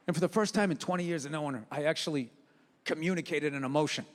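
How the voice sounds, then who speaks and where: A middle-aged man in his fifties doing a stand-up comedy set, ranting profanely and animatedly with sudden shouts. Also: fairly high pitch, fairly even intonation, fast. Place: comedy club stage. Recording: roomy live theater sound. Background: audience laughter.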